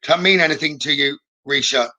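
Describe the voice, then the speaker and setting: A man giving a live psychic reading, gentle and reassuring, often checking in with "okay?" and pausing with "um". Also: a little high, rough recording. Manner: hesitant, with many "um" pauses. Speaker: psychic medium.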